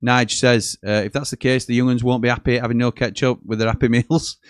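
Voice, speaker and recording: A man's voice: mid-range voice, little pitch movement, brisk, few pauses, clean tone, no echo, clean studio sound. A man hosting a live football watchalong, chatting casually, joking and reading out viewer messages. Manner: chatty, jokey, reads out messages and chuckles often.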